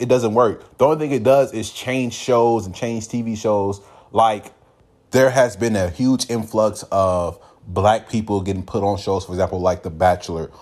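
A man with a Californian accent, hosting a casual solo commentary podcast and acting out other people's reactions in quoted voices. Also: lowish voice. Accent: Californian English. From United States. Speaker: podcast host.

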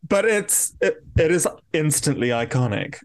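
Podcast co-host: man, campy and animated, acts out quotes. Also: fairly high pitch, measured pace. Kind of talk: casual chat.

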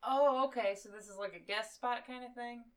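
A woman's voice: fairly high pitch, steady tone, fairly quick. A woman guest on a casual podcast, dry and sarcastic. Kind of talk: casual chat.

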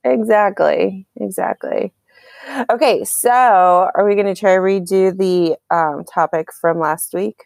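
A woman's voice: mid-range voice, a little slow, creaky, dry recording. A woman co-hosting a podcast, chatting casually, often laughing as she tells stories. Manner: giggly, animated storytelling. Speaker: podcast co-host. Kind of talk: casual chat.

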